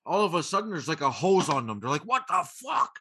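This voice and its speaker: A man in casual chat, excitable and teasing as he cuts in on a friend's story. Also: a little high, fast talker, slight background noise.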